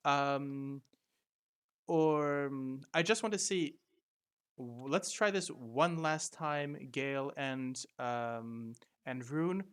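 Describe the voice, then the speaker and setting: Man, game master, slow, hesitant, fillers and restarts. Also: medium pitch, a bit bright, smooth. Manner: halting, many fillers and restarts. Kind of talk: narrating a tabletop game.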